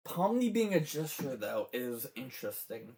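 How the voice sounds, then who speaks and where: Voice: medium pitch, sing-song, moderate pace, darkish tone. A fan commentator in a rambling, casual show breakdown who swears often and gets teary.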